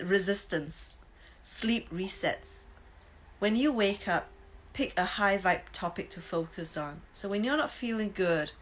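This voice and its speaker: Woman, 50s, chatty course teacher, lowish pitch, faint hiss. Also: low-quality recording. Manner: chatty, tags lines with "right?"; bursts into high exclaims. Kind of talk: casual teaching talk.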